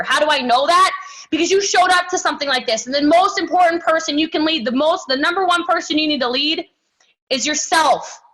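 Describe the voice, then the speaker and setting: Sassy woman hyping up her team, high bright voice, lots of "okay? right?". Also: low-quality recording. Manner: animated and sassy, acts out other people's voices; emphatic, many "okay?" and "right?" asides. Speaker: motivational speaker at a team training. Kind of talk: energetic motivational talk.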